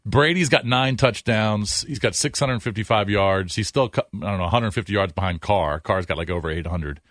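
Low-voiced man citing football stats. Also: a little fast, a bit bright, no echo, studio quality. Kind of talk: casual sports chat.

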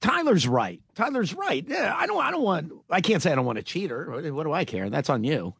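A man trading jokes in a casual chat, often acting out scenes and poking fun at himself. His voice sits high and swings widely in pitch, with a husky, gravelly edge. The sound is dry and close. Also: sing-song, a little fast, a bit bright, no room sound. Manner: joking, self-deprecating, acts out scenarios.

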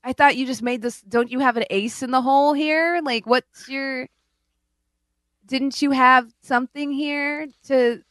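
A woman's voice: high voice, fairly even intonation, unhurried, a bit bright, no echo, studio quality. Exasperated woman ranting on a podcast. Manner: exasperated, incredulous retelling. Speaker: podcast co-host. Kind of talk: casual chat.

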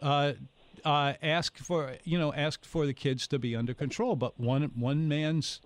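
A man's voice: fairly high pitch, fairly even intonation, measured pace. A man hosting a call-in food show on the radio, talking in a folksy, rambling way and telling anecdotes. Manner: folksy, rambling, tells anecdotes with put-on voices. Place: radio studio. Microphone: studio microphone.

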